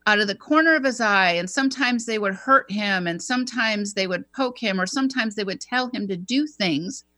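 Female co-host, bright tone, dry close sound, animated storyteller who voices her quotes. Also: medium pitch, normal speed, no echo. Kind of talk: conversational storytelling.

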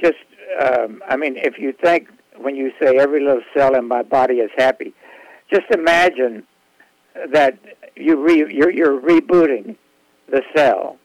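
A man's voice: mid-range voice, unhurried, no room sound, rough recording. A man talks as a guest on a radio talk show, telling stories about his clients. He often stops and restarts his sentences, and his voice is recorded dry and close. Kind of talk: casual radio interview.

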